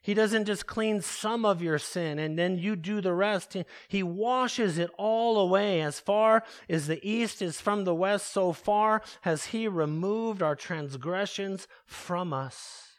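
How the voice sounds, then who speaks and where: A man preaching a sermon, emphatic, asking the congregation rhetorical questions and slowing down to stress key words. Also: high-pitched. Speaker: pastor.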